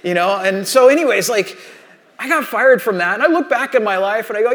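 High-voiced man telling a chatty story. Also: animated, a little fast, fairly bright tone. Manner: chatty storytelling, many "like" and "you know" asides. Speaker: speaker addressing an audience. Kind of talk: anecdotal motivational talk.

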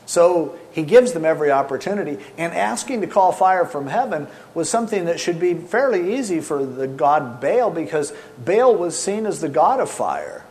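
A middle-aged man preaching a sermon, animated and sarcastic, acting out the scripture quotes as he goes. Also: on the high side, normal speed, few pauses. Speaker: pastor.

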